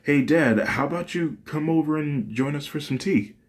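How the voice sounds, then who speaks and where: A gentle young big sister, soft and pleading, trying to make peace at home, as a man reads her in a raised voice. The voice sits well above the reader's own low tone, coaxing and soothing. Plain fan storytelling. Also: normal speed, lightly acted.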